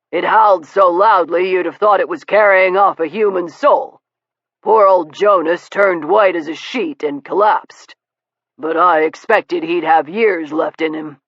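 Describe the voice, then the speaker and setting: A woman putting on a suave, courtly gentleman. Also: lowish voice, no room sound. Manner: measured, courtly. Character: suavely polite male visitor, calmly needling. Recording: dull lo-fi audiobook recording.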